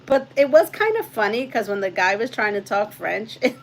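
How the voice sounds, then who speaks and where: A woman's voice: mid-range voice, lively intonation, moderate pace, vocal fry, a little hiss or hum, poor audio. A woman hosting a quilting channel, chatting casually, laughing often and reading out trivia questions. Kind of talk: casual chat while quilting.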